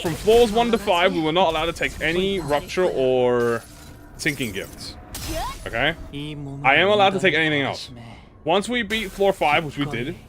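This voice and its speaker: Game music fills the background as a young man with a fairly high, fairly bright voice chats casually with viewers during his stream. His gameplay commentary wanders and leans self-deprecating.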